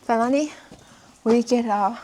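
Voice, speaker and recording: A young woman narrates her hike through a narrow cliff crack for her channel. She speaks slowly in a soft, mellow voice pitched somewhat high. She keeps up a friendly running chat with her viewers as she walks. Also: a little hiss or hum. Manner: chatty, talks to viewers while walking. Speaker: hiking vlogger. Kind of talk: casual vlog narration while hiking.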